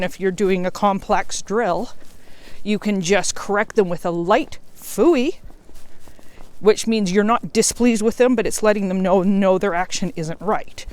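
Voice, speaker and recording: A woman dog trainer explaining commands in a friendly, plain way as she walks on a forest trail. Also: fairly low pitch. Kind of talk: instructional vlog while walking dogs.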